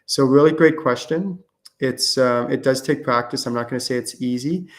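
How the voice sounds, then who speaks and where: A man's voice: medium pitch, normal speed. A man hosting a live-streamed question-and-answer show, talking casually with lots of fillers and false starts. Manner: casual, rambling with many fillers and restarts. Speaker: host and spiritual channeling teacher.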